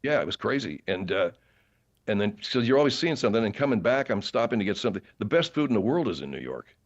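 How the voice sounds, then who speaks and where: A man guesting on a podcast, an actor telling long casual stories in a rambling, animated way, full of fillers and restarts. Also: lowish voice, quick pace, muffled recording. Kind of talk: casual interview storytelling.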